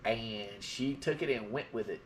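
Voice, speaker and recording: A man's voice: mid-range voice, normal speed, slight background noise. A middle-aged man from Georgia with a mild Southern drawl, telling rambling stories in a casual live-stream chat. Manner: rambling storyteller.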